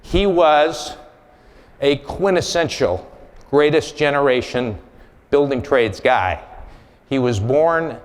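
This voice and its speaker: A man's voice: mid-range voice, slow pace, long pauses. A man giving a conference keynote, telling a personal story in a candid, blunt way. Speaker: conference speaker. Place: large conference hall. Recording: long hall reverb.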